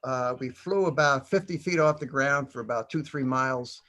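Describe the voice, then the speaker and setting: A man's voice: mid-range voice, normal speed, sharp tone. An older man, a veteran on a panel, telling rambling anecdotes with many fillers and chuckles. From United States. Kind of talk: storytelling on a panel.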